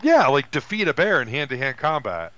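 A man's voice: a little fast, lo-fi sound, noisy background. A man co-hosting a podcast, animatedly retelling a film in casual chat. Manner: animated retelling with high put-on voices for quoted characters. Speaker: podcast co-host.

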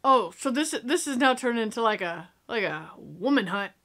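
A sassy young woman gives excited reaction commentary on a movie. Her voice is high, bright and very lively. A little noise sits behind her. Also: normal speed. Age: young adult. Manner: sassy, excitable, talks back to the screen.

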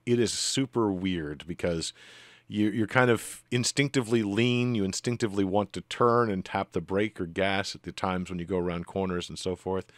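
Low-voiced man running a tabletop game. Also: dry recording, clean studio sound. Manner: rambling, with many ums and restarts. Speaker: game master.

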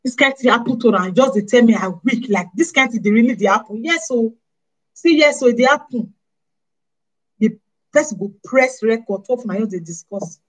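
Husky woman with a Nigerian Pidgin accent. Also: a little high, normal speed, low-quality recording. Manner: animated, scolding, rhetorical questions. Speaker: vlogger. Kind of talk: casual monologue to camera.

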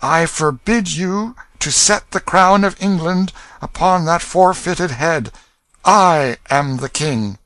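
A man voicing a ragged boy who claims the throne, speaking with slow, raised solemnity in an audiobook reading. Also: on the high side, fairly bright tone, pitched above the performer's own voice. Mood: solemn, commanding.

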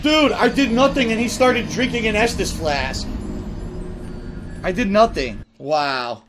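A man's voice: high voice, unhurried, noisy background. A man giving live gameplay commentary, ranting with profane frustration and heavy sarcasm. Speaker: gaming streamer.

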